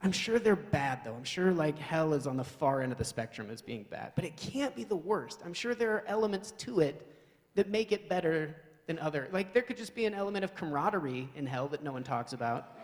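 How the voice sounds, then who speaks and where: A man's voice: on the high side, lively intonation, a little fast. Wry man doing stand-up in a hall. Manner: wry, rambling, self-mocking. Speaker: comedian. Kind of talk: live stand-up comedy. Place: live event hall with an audience. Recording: live hall reverb.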